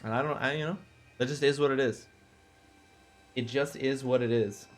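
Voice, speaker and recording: A young adult man chatting casually during a game stream. He is excitable and talkative, answering viewers and reacting as he plays. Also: mid-range voice, normal speed. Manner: chatty, excitable, responding to chat. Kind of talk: casual live-stream chat.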